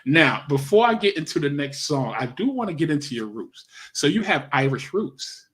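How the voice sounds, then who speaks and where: A man's voice: a little high, sing-song, moderate pace. Encouraging male radio host. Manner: warm, supportive, frequent affirmations. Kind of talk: casual interview chat.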